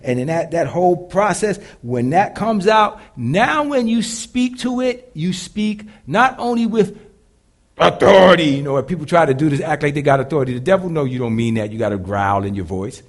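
A deep-voiced man preaches to a congregation, shifting between quiet, low stretches and loud, driving lines. His pitch moves freely and with a lot of animation. The delivery feels conversational and sure of itself. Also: very animated, normal speed, hardly any pauses. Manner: dynamic preaching, swinging between loud and hushed. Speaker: pastor. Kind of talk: live sermon to a congregation.

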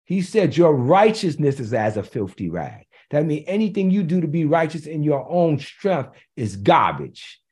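A man's voice: on the high side, very animated, moderate pace, few pauses, a little mellow. A man preaching a sermon in a conversational way, repeating key phrases for emphasis and slipping in joking asides.

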